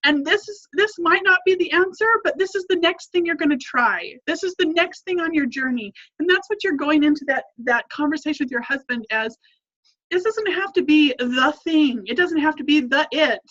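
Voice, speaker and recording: A woman's voice: high-pitched, normal speed, a bit bright, muffled recording. A woman family coach giving an earnest, encouraging lesson, repeating her points for emphasis.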